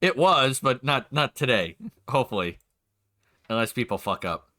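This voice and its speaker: A man's voice: mid-range voice, sing-song, normal speed, bright, forceful tone. A man, a game master and streamer, chatting casually and rambling as he sets up the session. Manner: rambling, chatty, self-interrupting.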